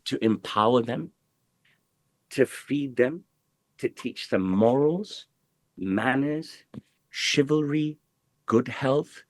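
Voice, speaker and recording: Speaking with a fairly low pitch on a dry recording, a middle-aged man who works as a tailor is the guest in a casual interview. He's brash, profane, and emphatic, peppering his talk with "bro" and "you know what I mean."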